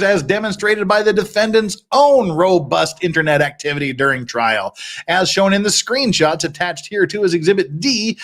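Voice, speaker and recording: A man's voice: fairly high pitch, fairly bright tone. A middle-aged man hosting a legal commentary stream, reading court filings aloud with sarcastic, wry asides.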